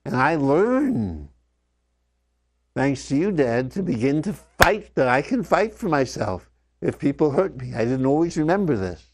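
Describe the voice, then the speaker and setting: An older man telling personal memories straight to his father, reflective, often letting his voice sink soft and low. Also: very animated, a crowd in the background. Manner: slow, reflective, often dropping softly. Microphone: wired microphone.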